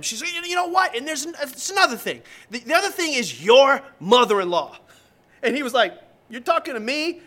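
A man's voice: sits high, sharp tone. A middle-aged man preaching a sermon as pastor, emphatic and repeating his key lines, acting out the people he quotes.

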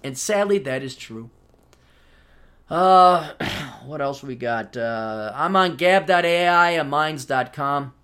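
A man's voice: fairly high pitch, animated, slow pace, fairly bright tone, clear, resonant tone. A man hosting a solo podcast, ranting in a sardonic, profane way and slipping into mocking voices for quoted asides. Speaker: podcast host.

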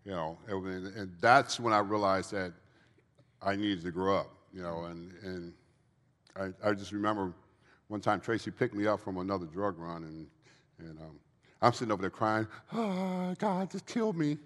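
In a church event hall, a guest speaker in recovery offers earnest, somewhat preachy testimony at a Q&A, repeating phrases often. His deep voice is steady and fairly bright, at a normal speed, with the long reverb of a large hall around it.

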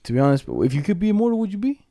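A young man spins loose, profane stories among friends, full of slang and laughter. His voice is mellow and dark in tone. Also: high-pitched, big pitch swings, racing, no echo, clean studio sound. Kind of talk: casual chat.

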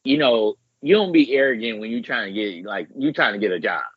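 A man co-hosting a podcast in casual chat, rambling and profane, jumping way up in pitch when he acts out what others said. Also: fairly quick, husky, no room sound. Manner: rambling, profane, animated quoting with big pitch jumps. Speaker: podcast co-host. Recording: muffled lo-fi podcast audio.

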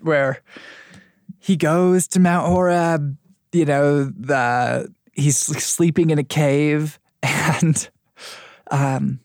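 A man in a casual faith discussion, retelling a scripture story with lively acted-out quotes. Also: fairly high pitch, no echo, studio quality.

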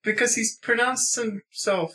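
A man's voice: very high-pitched, measured pace, pushed and bright. A man co-hosting a comedy podcast, bantering in a mock-wounded, defensive way. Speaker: podcast co-host. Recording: echoey room.

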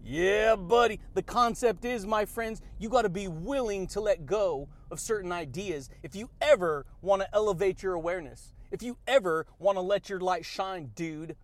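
A man giving an upbeat motivational talk, full of slangy asides and frequent laughter. His voice sits high for a man and stays lively throughout. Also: moderate pace, few pauses. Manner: energetic, slangy, laughs often. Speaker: podcast host.

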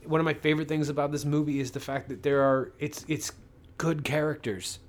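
Casual, profane podcast co-host. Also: male voice, fairly high pitch, fairly even intonation, brisk. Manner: loose, profane, rambling with many fillers. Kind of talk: casual movie review chat.

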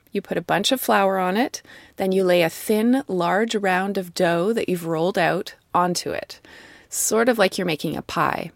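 A woman host giving scripted narration and clear step-by-step explanations. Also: mid-range voice, no echo, studio quality.

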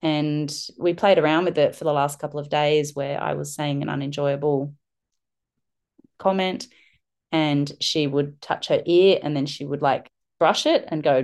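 Low-voiced woman telling a heartfelt story. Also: fairly even intonation, moderate pace, gravelly, darkish tone. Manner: earnest, searching, with frequent fillers and restarts. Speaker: podcast guest, parenting mentor. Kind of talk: reflective conversational storytelling.

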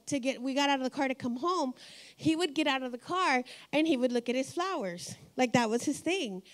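A middle-aged woman delivers a sermon in a high voice, telling personal stories in an easy, conversational way. She laughs often between her lines. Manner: warm storytelling, laughs often. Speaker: pastor.

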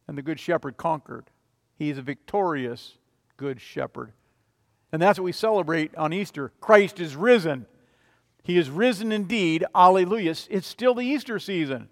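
A man preaching a sermon as a pastor, emphatic, swinging between loud declarations and quiet, low passages. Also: animated, normal speed, long pauses, long reverb tail. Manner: emphatic, rising and falling in volume.

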